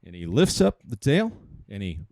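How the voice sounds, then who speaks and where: A man's voice: on the low side, huge pitch swings, normal speed, gravelly, a little mellow, no room sound. A man doing stand-up at an outdoor park show, telling a joke in a loose, hesitant way. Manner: loose, hesitant storytelling with fillers. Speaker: stand-up comedian.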